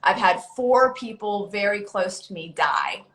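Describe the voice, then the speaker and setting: Woman host, bright and earnest, casual live chat in a roomy space. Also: mid-range voice, animated, unhurried. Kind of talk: casual conversation on a live stream.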